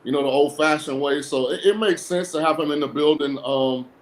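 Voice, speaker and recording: Speaking fairly fast in a fairly high voice, this man is a football analyst appearing as a guest on a sports talk show. He lives in a cold-weather state and casually offers sarcastic, blunt takes, and the recording quality is poor.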